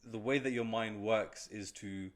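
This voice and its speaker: A man's voice: lowish voice, steady tone, a little slow. A man hosting a podcast, asking questions and murmuring agreement as he listens. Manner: attentive, frequent murmured agreement. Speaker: podcast host. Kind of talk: interviewing.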